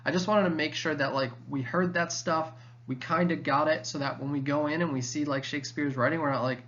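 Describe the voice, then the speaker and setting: A young male teacher explains a lesson in a loose, casual way, dropping "um" and "like" as he goes. His voice sits a little high for a man. The recording is a bit dull and lo-fi. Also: fairly even intonation, brisk, fairly bright tone. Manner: casual, filler-heavy explaining with frequent "um" and "like".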